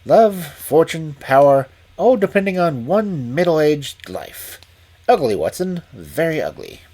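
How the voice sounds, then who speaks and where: A man reading aloud and voicing a calm, shrewd Victorian male detective who speaks in a dry, deliberate way. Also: on the high side, exaggerated voice. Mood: measured.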